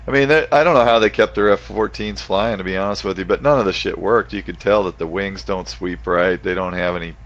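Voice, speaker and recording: A man's voice: deep voice, brisk, few pauses, a bit bright, highs cut off. A man guest on a podcast, talking casually and bluntly about aircraft. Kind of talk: casual chat.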